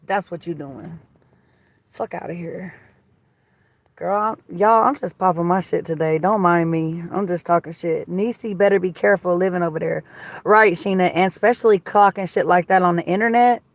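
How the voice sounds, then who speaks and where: A woman's voice: lowish voice, moderate pace, no room sound. A woman hosting a casual livestream from a car on a phone, chatting bluntly, swearing freely and gossiping while she reads viewer comments. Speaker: livestream host. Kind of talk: casual live-stream chat reading comments. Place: inside a car.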